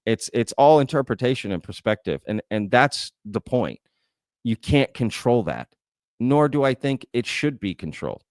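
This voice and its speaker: A man's voice: medium pitch, sing-song, moderate pace, no room sound, clean studio sound. A man hosting a livestream Q&A, thinking aloud in a conversational way and often tagging his points with "right?". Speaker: host. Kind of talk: livestream Q&A, reading chat comments.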